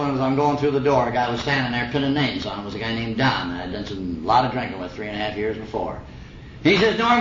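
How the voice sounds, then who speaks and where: A middle-aged man tells his story to a recovery meeting in a folksy, slangy way with wry humor. His voice sits a little high. The old recording is dull and lo-fi, with hall echo and a crowd audible. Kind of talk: personal testimony talk. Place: meeting hall before an audience. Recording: old echoey lo-fi recording with audience.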